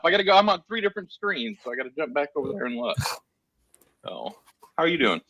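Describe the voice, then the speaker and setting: Joking man with a bright voice, lo-fi mic. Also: on the high side, very animated, fairly quick, pauses often, no echo. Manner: joking, laughs often, loud bursts. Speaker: panel guest. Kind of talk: casual panel chat. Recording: dull lo-fi mic.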